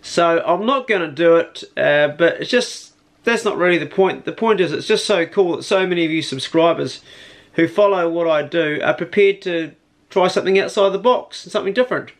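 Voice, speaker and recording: Aussie bloke vlogging, easygoing and slangy, gravelly fry in his voice. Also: a little high, normal speed. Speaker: hunting vlogger. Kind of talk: casual vlog chat. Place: outdoors on a farm, then indoors by candlelight.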